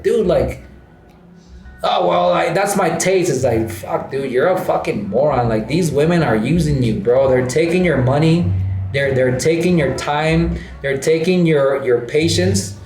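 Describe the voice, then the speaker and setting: A man's voice: a little high, a little mellow. Profane man ranting in an echoey room. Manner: profane, repetitive, fills lines with "bro" and "dude". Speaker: host. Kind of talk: casual ranting monologue. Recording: roomy echo with faint music.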